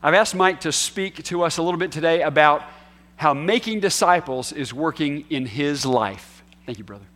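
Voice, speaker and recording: Earnest preaching man, higher voice. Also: moderate pace, slight background noise. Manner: earnest, swings from quiet to emphatic. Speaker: pastor. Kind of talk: sermon. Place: church hall.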